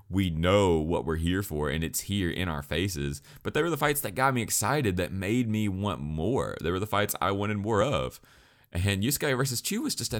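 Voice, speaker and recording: Low-voiced guy rambling thru an anime review, swears a lot, keeps restarting. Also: a bit bright. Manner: rambling, frequent restarts and stutters, profane. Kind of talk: casual spoken review.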